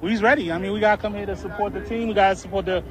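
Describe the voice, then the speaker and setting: A man's voice: high-pitched, very fast, rough recording. A man, a football fan, talking casually and proudly about his group's tailgate outdoors. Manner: lively, proud, casual slangy talk. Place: outdoor stadium car park.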